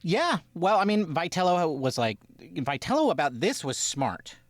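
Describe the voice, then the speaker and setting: A man co-hosting a sports podcast with his brother, talking in a rambling, animated way and often acting out quotes. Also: fairly high pitch, unhurried, no room sound, studio quality. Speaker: podcast co-host. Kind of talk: casual sports chat.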